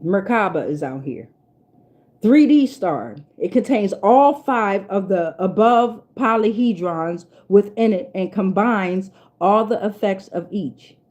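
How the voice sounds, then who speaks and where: A woman's voice: mid-range voice, animated, slow pace, darkish tone. A woman giving a casual spiritual tarot reading in a blunt, profane and preachy way, repeating lines for emphasis. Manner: emphatic, repeats herself for weight. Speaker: tarot reader.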